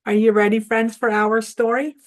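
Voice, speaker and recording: Woman host for a toddler lesson; patient, encouraging, call-and-response, slightly high voice. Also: level tone, moderate pace. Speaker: preschool teacher and show host. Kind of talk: children's phonics lesson.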